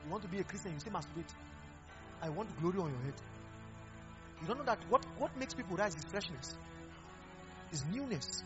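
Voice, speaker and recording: A man preaching a lively sermon, mixing Pidgin into his exhortations and laughing often. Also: high-pitched, fairly quick, pauses often. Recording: dull lo-fi recording with faint music.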